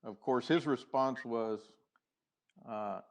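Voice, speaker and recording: This podcast guest is a middle-aged man with a creaky, mid-range voice, heard in lo-fi sound. He reflects slowly on his own story, pausing and restarting as he acts out conversations from the past.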